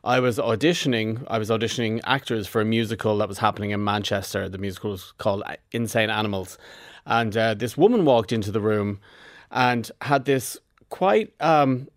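A man's voice: on the low side, normal speed, no echo, studio quality. Storytelling male theatre director. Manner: storytelling, animated when quoting himself. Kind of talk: radio interview anecdote. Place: radio studio.

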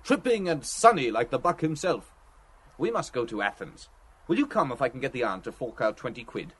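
A man's voice: mid-range voice, sing-song, a little fast, slightly rough. An actor playing a playful, theatrical young man who mock-preaches and banters in a radio drama. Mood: jovial.

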